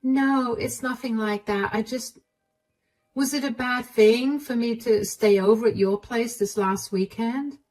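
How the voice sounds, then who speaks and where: A woman voicing a gentle, tearful older mother. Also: on the high side, unhurried, far from the mic, soft background music, low-quality recording. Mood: upset, pleading. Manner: pleading, apologetic.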